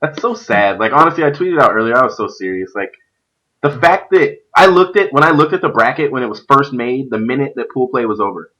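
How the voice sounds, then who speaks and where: This man, a stream host who is also a youth pastor, chats casually about competitive esports in an animated, rambling way packed with fillers. His medium-pitched voice moves a little fast, and the recording is rough.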